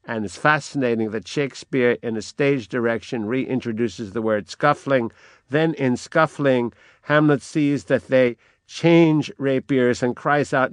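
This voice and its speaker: An older man lecturing on a play, speaking slowly and deliberately and reading quoted lines aloud with rising force. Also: medium pitch, clear, resonant tone, no room sound. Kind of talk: literary lecture with dramatic readings.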